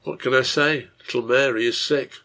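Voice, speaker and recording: A man's voice: mid-range voice, steady tone, moderate pace, sharp tone. A man reading the lines of the innkeeper's wife, grave and reproachful, in a storybook reading. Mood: grieving. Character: stern grown woman, the innkeeper's wife.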